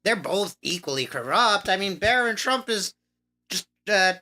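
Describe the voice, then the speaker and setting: Bright-voiced man laughing through banter. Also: high voice, expressive, unhurried. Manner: laughs often, pushes back in a reasoning tone. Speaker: podcast co-host. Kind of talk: casual podcast banter.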